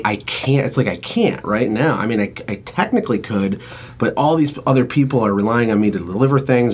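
A man hosting a podcast, an entrepreneur talking in an energetic, emphatic, motivational way. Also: fairly low pitch, breathy edge. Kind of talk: casual chat.

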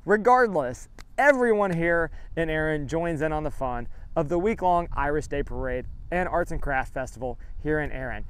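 Smooth-voiced man hosting a town tour. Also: a little high, a bit bright. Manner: light self-mocking, slips and restarts. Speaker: real estate vlog host. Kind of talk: scripted tour narration. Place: outdoors by a railroad station.

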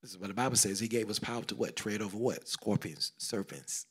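A middle-aged man preaching a sermon, swinging between loud exclamations and hushed whispers, repeating phrases and calling out questions to the congregation. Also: on the low side, fairly even intonation, fairly quick, husky. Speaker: pastor.

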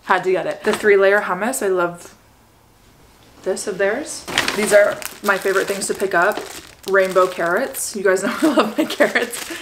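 A young Canadian woman in her twenties, chatting excitedly to her viewers as she shows off her shopping haul. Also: medium pitch, moderate pace, background noise. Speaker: vlogger. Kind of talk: casual haul vlog.

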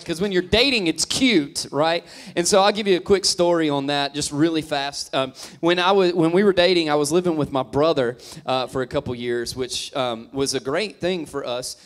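High-voiced joking male pastor. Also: fairly bright tone. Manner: joking, teasing storyteller addressing the crowd. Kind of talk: humorous sermon.

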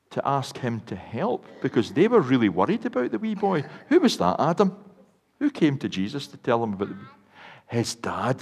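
A man's voice: mid-range voice, breathy edge. An older Scottish man, a minister, giving a children's talk in church, telling stories and asking the children questions. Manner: warm storytelling to children, asks them questions. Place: large church. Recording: long church reverb.

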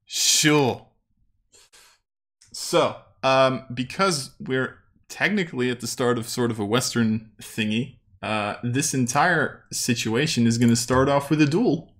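A man's voice: medium pitch, slow pace, a bit bright. A man narrating as game master in a loose, rambling way, with many fillers and frequent laughter.

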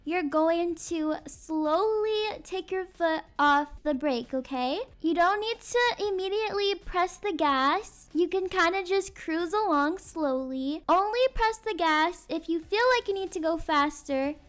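A woman's voice: extremely high pitch, unhurried, hardly any pauses, a bit bright. A young woman doing game role-play as a mother, giving bossy, step-by-step instructions. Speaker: roleplay narrator playing a mother.

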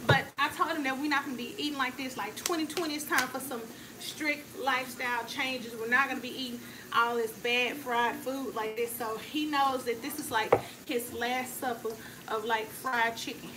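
A woman's voice: sits high, steady tone, moderate pace. A woman hosting a cooking vlog, chatting playfully and speaking straight to her viewers as she cooks in a home kitchen. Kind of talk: casual chat while cooking. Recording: noisy home recording.

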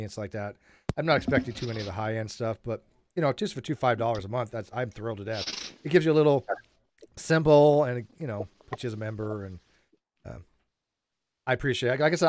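A man's voice: mid-range voice, slight background noise. Guy hosting a chill stream chat, voice bouncing all over, joking around. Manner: joking, teasing, lively. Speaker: livestream host. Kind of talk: casual chat.

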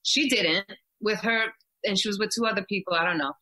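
Bright-voiced woman telling a heated story. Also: medium pitch, fairly quick, poor audio. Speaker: guest. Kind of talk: casual podcast chat.

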